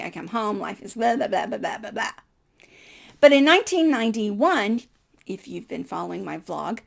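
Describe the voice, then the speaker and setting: A middle-aged woman vlogger telling a personal story in a lively, animated way and acting out the dialogue. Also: mid-range voice, vocal fry. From United States.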